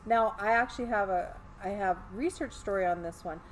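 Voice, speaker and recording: A woman's voice: medium pitch, fairly quick, a little hiss or hum, poor audio. A woman hosting a podcast, telling stories in a chatty, rambling way with restarts. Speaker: podcast host. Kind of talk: casual storytelling chat. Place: live event in a large store.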